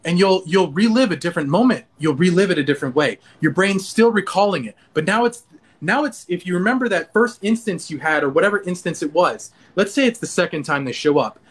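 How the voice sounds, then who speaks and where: Male interview guest with a high voice, earnest, animated self-talk, frequent restarts. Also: fairly quick, husky. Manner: earnest, animated, acts out inner dialogue with many restarts.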